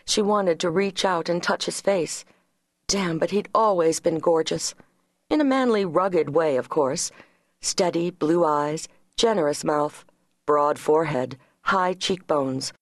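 A low-voiced woman narrates an audiobook, keeping her storytelling calm and even. The studio recording is clean, with no trace of room sound.

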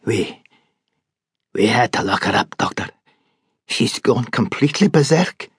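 A man's voice: medium pitch, expressive, measured pace, slightly rough, no room sound. Brief: timid grieving old butler, read by a man, quavering, dry close recording. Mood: tearful. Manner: shaky, tearful. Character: old Scottish male butler, grief-stricken and timid.

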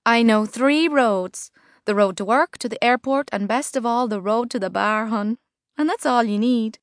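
A woman voicing a brash, chatty expat woman with a Liverpool accent in an audiobook, loud and cheeky. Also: a little high, moderate pace, dry recording, clean studio sound, natural voice. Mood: gossipy. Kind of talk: audiobook character voice.

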